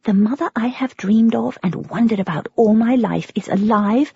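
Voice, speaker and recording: British woman narrator, first-person audiobook, husky edge, lo-fi dry recording. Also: mid-range voice, a little fast, few pauses, dry recording. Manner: expressive, with breathless, flustered quoted speech.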